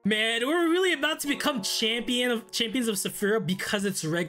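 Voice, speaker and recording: A young man playing a fan-made game, reading its dialogue aloud and reacting with loud, exasperated outbursts. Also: a little fast, faint music behind. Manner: reads game text in a flat, lowered voice. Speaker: gaming YouTuber.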